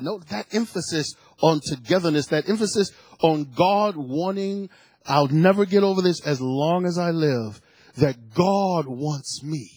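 Guy preaching, kinda high voice, goes from calm teaching to shouting, dry sound. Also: measured pace, breathy edge, dry recording. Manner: builds from calm teaching to shouted, emotional fervor; reads scripture aloud between comments. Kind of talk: sermon.

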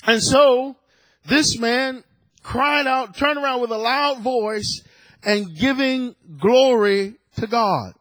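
A man in his fifties preaching a sermon, emphatic, repeating his words and rising at times to shouts. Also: very high voice, slow, no room sound. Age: 50s.

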